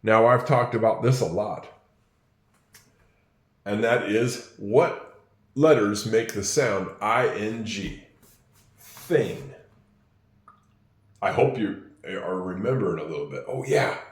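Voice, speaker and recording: Unhurried male English tutor, patient and repetitive, recorded in a reverberant room. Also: lowish voice. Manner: slow, patient, repeats phrases for learners. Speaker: English teacher. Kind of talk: spoken English lesson.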